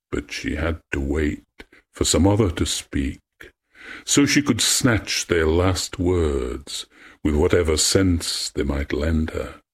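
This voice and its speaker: Slow, deep-voiced man reading a myth. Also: breathy edge. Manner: slow, measured, poetic. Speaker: storyteller.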